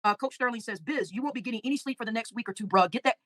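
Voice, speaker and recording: A woman hosts a casual livestream at a quick clip, reacting to viewer comments. She talks with feeling, stumbling and repeating words as she goes, in a dry, close sound. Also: a little high, a bit bright, no room sound. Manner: emotional, halting, repeats words. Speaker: livestream host.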